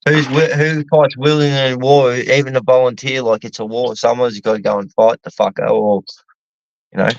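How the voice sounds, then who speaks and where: A man's voice: mid-range voice, level tone, moderate pace, gravelly, no room sound. A middle-aged Australian man chatting casually, rambling and swearing as he thinks aloud. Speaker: podcast co-host. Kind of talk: casual chat. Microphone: online call mic. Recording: dull lo-fi dry sound.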